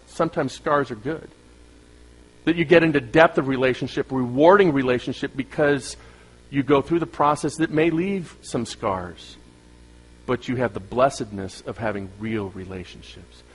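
Animated man preaching with rhetorical questions. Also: on the high side, breathy edge, low-quality recording. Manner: acts out quoted voices of listeners. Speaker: pastor. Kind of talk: sermon.

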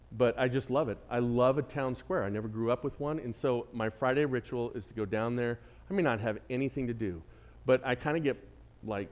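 A man's voice: mid-range voice, darkish tone. A man preaching a Sunday sermon as pastor, telling a personal story with asides to the congregation. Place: church sanctuary.

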